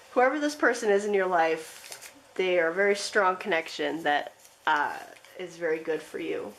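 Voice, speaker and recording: Gentle rambling woman tarot reader. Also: on the low side, moderate pace, poor audio. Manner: rambling, gentle, with frequent fillers and soft laughs. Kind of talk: pick-a-card tarot reading.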